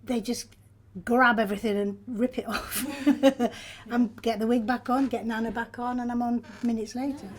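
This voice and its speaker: Lively older actress. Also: female voice, a little high, normal speed. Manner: lively, self-deprecating, laughs often. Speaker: stage actor. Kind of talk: backstage storytelling. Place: theatre backstage.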